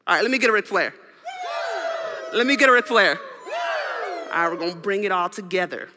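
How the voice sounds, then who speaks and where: A man's voice: high voice, expressive, a little fast, noisy background. A man preaching a sermon to a live audience in a church hall, playful and joking as he leads the crowd. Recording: reverberant hall with keyboard music.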